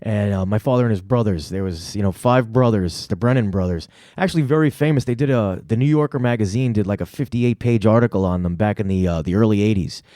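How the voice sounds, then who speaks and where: A man's voice: on the low side, fast, hardly any pauses, mellow, no room sound, clean studio sound. A middle-aged man, hosting a comedy show and telling a rambling, profane story full of fillers. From New York City. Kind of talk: casual storytelling.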